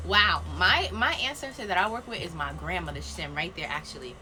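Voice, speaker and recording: A woman's voice: fairly low pitch, animated, fairly quick, hardly any pauses, sharp tone, soft background music. A woman giving a casual live-stream card reading, chatty and playful, laughing often and tossing slangy asides to her viewers. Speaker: spiritual card reader. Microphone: phone live video.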